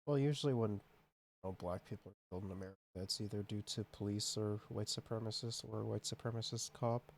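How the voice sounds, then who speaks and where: Male streamer, low and gravelly, offhand casual reaction. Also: fairly even intonation, fast talker.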